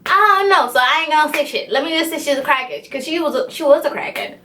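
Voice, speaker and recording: A young woman vlogger telling a story in a casual, animated way, with lots of slang and swearing. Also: high voice, quick pace.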